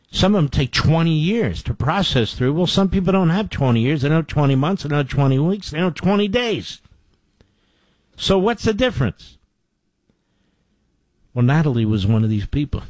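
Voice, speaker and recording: A man's voice: fairly high pitch, darkish tone, no echo. A man hosting a political talk show, delivering an opinionated monologue with indignant, emphatic repetition. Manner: indignant, emphatic, repeats phrases for effect.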